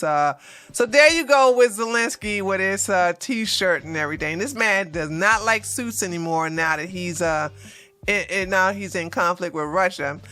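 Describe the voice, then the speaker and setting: Hosting a news commentary program, a woman reads stories out in a mid-range, fairly bright voice. She keeps interrupting herself with snide, mocking asides and bursts out laughing while reading.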